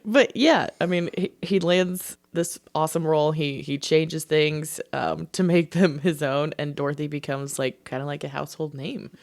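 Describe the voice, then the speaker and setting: A woman co-hosting a casual film podcast, animated and quick to laugh. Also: deep voice, vocal fry. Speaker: podcast co-host.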